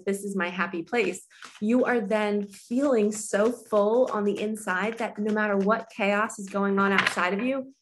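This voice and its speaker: A woman coach speaks casually and earnestly to her viewers from home. Her tone is nurturing and direct, like a motivational chat. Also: mid-range voice. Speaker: spiritual coach. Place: her apartment.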